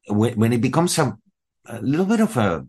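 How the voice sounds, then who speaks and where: A man's voice: mid-range voice, very animated, a little fast, darkish tone, husky. A man from Latin America, a voice actor on a panel, telling candid stories and acting out his side of conversations. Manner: candid, anecdotal, acts out dialogue. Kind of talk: panel discussion.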